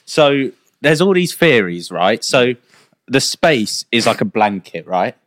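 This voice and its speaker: A man's voice: medium pitch, slow pace, no room sound. A young man co-hosting a podcast, rambling through ideas in casual, sweary chat. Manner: rambling, animated, swears freely. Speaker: podcast co-host.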